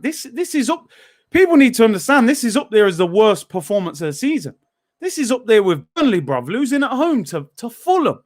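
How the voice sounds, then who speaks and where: A young man reacting live to a football match, his voice sitting high for a man. He grumbles with frustration, then bursts into shouts at near misses. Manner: frustrated, animated fan with sudden shouts. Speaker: football watchalong host.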